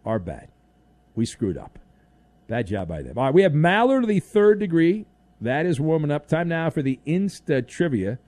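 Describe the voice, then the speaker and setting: A man's voice: a little high, big pitch swings, normal speed, darkish tone, no echo. A man hosting sports talk radio, playful and teasing as he takes calls and reads the news.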